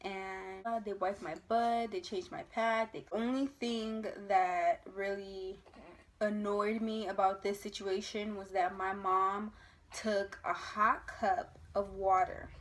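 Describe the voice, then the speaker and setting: A young woman from the United States telling a personal birth story to camera in a casual vlog, emotional and animated, acting out the voices of others. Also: mid-range voice, takes it slowly. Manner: emotional, animated retelling with acted quotes.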